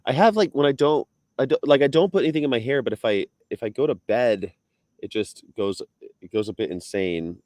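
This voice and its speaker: A man chatting casually on a live video stream, laughing often and breaking into high mock voices when he quotes people. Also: brisk, a little mellow, dry recording, studio quality. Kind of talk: casual chat.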